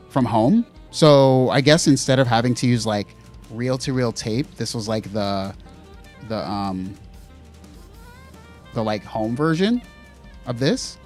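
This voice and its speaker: A man's voice: medium pitch, darkish tone. A man co-hosting a gear podcast livestream in a casual chat, rambling with lots of fillers and self-deprecating asides. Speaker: podcast co-host.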